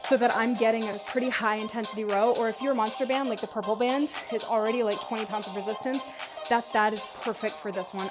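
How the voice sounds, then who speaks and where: A woman fitness instructor guiding a workout, counting reps and calling breath cues in a steady rhythm. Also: fairly high pitch. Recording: music playing behind the voice. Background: workout music.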